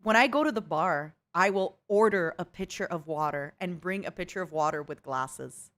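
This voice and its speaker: A woman's voice: on the low side, normal speed, a bit bright. A woman hosting a casual chat stream, bubbly and laughing often as she talks. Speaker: streamer host.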